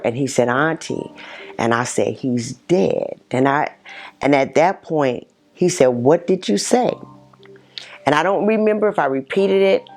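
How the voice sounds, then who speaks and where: A middle-aged woman, a mother, giving a halting personal testimony full of pauses and restarts. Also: rumbling low, darkish tone. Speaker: mother telling her personal story.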